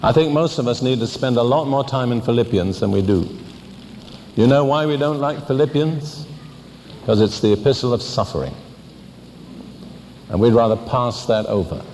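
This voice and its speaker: An older man preaching a sermon, teaching deliberately and asking pointed questions. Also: medium pitch, expressive, darkish tone, in a large hall, slight background noise.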